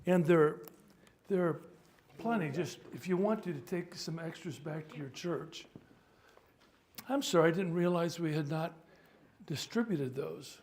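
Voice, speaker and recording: A man in his seventies, a priest, giving a loose, joking workshop talk and pausing to sort out practical matters. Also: a little high, a little mellow, slight background noise. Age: 70s. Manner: chatty, joking, stops to sort out sound. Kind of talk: informal teaching talk.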